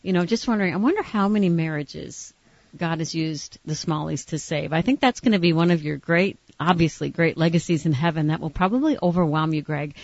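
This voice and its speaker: A woman's voice: low voice, a little fast, darkish tone, no room sound. A woman hosting a faith talk show, speaking in an affirming way to her guest and laughing easily. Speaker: host. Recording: dry, slightly muffled studio recording.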